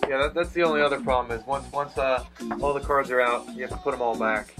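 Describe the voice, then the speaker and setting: A man from New Jersey co-hosting a casual board game review, agreeable and quick to repeat himself. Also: mid-range voice, fairly even intonation, recorded from a distance, loud music behind the voice.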